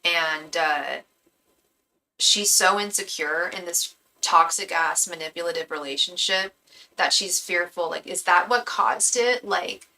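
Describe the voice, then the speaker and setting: A woman's voice: lowish voice, measured pace, sharp tone, rough recording. A young woman reading tarot on a live stream, talking casually with slang and rattling off repeated invocations to her spirit guides. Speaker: tarot reader and psychic medium.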